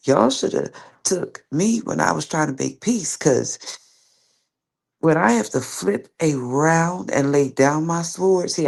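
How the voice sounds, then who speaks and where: A woman's voice: low-pitched, creaky, darkish tone. A woman hosting a livestream, speaking straight to an absent opponent in a confrontational, rambling rant that repeats itself. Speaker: livestream host. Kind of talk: direct-address livestream rant.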